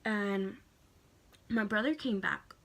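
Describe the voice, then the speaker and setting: A woman's voice: medium pitch, slow pace. A young woman in her late teens telling a personal story in a chatty, emotional way, full of "like.". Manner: chatty, heavy use of "like"; emotional, animated retelling. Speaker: vlogger. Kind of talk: casual story time.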